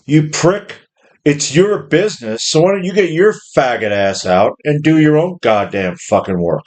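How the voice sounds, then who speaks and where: Middle-aged guy going off on a profane rant, kinda high voice, rambly. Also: lively intonation, normal speed, darkish tone. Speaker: worker ranting about jobs. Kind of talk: angry monologue rant.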